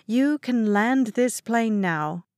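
Woman voicing a tired, quiet heroine. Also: on the high side, expressive, slow, dry recording, clean studio sound. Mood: weary. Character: tired woman, former ministry leader. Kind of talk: audiobook character reading.

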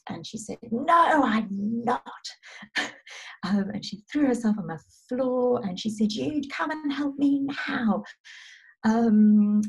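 A woman in her thirties, a guest in a casual interview, talking gently about parenting and pausing often as she tells a story. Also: on the low side, poor audio. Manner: gentle storytelling with frequent pauses.

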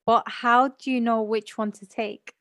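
A woman's voice: on the high side, flat delivery, measured pace, fairly bright tone, no room sound, studio quality. A woman hosting a podcast interview, affirming and encouraging her guest. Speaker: podcast host. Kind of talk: interview chat.

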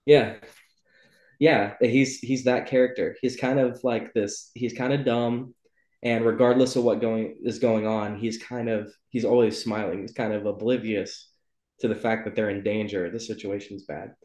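A man's voice: on the low side, steady tone, moderate pace, a little mellow. A man hosting a casual book club chat, talking loosely and rambling, with lots of ums and self-corrections. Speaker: podcast host. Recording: roomy echo.

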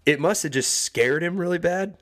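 This young adult man co-hosts a podcast in a fairly high voice at a moderate pace. Casually recounting a story, he brings it to life by acting out the quoted voices.

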